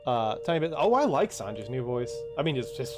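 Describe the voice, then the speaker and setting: A man's voice: mid-range voice, big pitch swings, brisk, a little mellow, faint music behind. A man casually commenting while playing a video game, muttering directions to himself with sudden surprised exclamations. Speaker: gaming streamer. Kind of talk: casual let's-play commentary.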